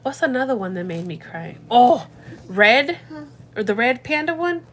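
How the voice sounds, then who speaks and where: Young woman, casual livestream host, a bit high-voiced, animated and slangy, talking on a phone at home. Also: normal speed, slight background noise. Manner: chatty, animated, slangy, addresses viewers as girl and dude. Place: home at night with a toddler.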